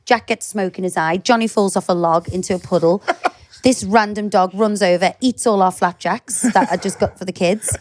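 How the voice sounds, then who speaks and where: A woman with a Liverpool accent tells her stories with plenty of energy, quoting people in animated voices. Her voice sits at an ordinary middle pitch, and it is recorded close and dry with no room sound. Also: normal speed, no room sound. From England. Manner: lively storyteller, animated quoting. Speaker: podcast co-host. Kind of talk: casual chat.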